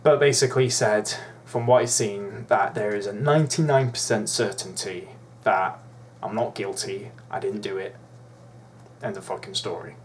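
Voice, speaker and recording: A man's voice: fairly low pitch, normal speed, a little hiss or hum. A young man ranting in a vlog, profane, indignant and rambling. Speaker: YouTuber.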